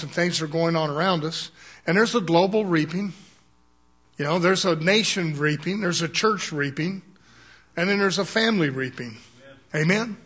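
A man's voice: high-pitched, a bit bright. An older man preaching a sermon in a folksy, chuckling way, often asking the congregation "Amen?".

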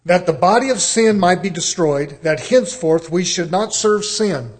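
A middle-aged man preaching a sermon, asking his congregation rhetorical questions and swinging between loud emphasis and quieter passages. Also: high voice, normal speed, hardly any pauses.

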